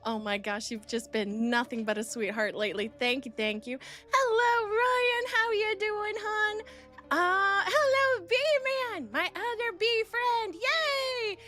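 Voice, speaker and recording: A woman's voice: extremely high pitch, animated, slow pace, sharp tone. A woman live-streaming, bubbly and affectionate, greeting her chat by name with pet names and sometimes talking while eating. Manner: chews food while talking. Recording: faint music behind.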